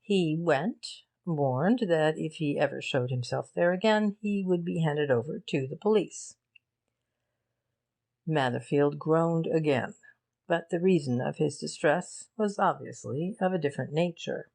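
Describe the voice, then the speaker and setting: A woman narrating a classic mystery audiobook in a calm, even reading voice. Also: low voice, measured pace, creaky.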